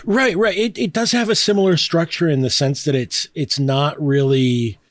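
A man with a fairly high voice talks through a book in loose, casual podcast chat, breaking into laughs and trailing off into fillers. He sounds close to the mic in a dry, dead room. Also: steady tone, normal speed, dry recording. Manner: chatty, laughing, many fillers and restarts. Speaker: podcast host. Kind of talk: casual podcast discussion and reading aloud.

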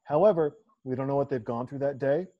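A man's voice: mid-range voice, brisk, lo-fi sound. A man hosting a casual podcast, talking emphatically with crude jokes and riffs. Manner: emphatic, profane, riffing banter. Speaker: podcast host. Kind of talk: casual chat.

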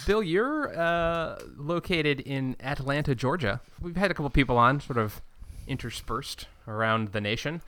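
A man's voice: fairly high pitch, expressive, moderate pace, sharp tone, smooth. A man hosting a podcast, chatting in a playful, joking way. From New Zealand. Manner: playful, jokey introductions. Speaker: podcast host. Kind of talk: casual chat.

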